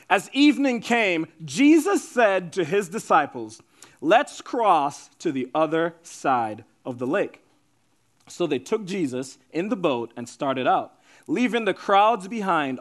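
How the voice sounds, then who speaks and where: A man preaching a sermon, conversational and casual, swinging from loud excited storytelling to hushed, slow emphasis. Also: sits high. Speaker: pastor.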